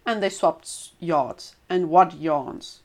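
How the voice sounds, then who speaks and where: A woman reading a folk tale aloud as storyteller, expressive with small stumbles and restarts. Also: lowish voice, slow.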